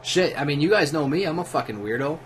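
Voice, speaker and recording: A man's voice: a little high, lively intonation, fast, a bit bright, faint music behind. A drunk man livestreaming at home, telling a profane, rambling story in a casual way, with many restarts. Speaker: livestream host. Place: at home while gaming.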